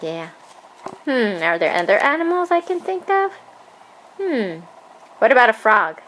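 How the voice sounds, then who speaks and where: A woman's voice: on the high side, big pitch swings, measured pace, a bit bright, a little hiss or hum, poor audio. A woman talking playfully with a toddler in a home video, encouraging and sing-song. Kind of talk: home video, coaxing a small child.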